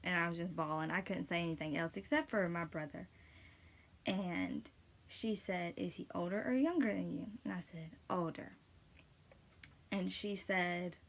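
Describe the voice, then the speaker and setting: A young woman casually telling a personal faith story, rambling with many fillers, emotional and close to tears. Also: on the low side. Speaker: vlogger sharing testimony.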